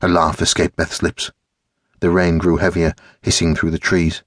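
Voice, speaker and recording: Deep, husky male audiobook narrator. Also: level tone, normal speed, no room sound, clean studio sound.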